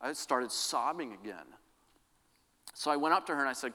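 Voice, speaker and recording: A man's voice: medium pitch, animated, moderate pace, pauses often, pushed and bright. A man preaching a sermon, telling personal stories earnestly and often restarting his sentences. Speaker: pastor. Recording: long reverb of a large hall.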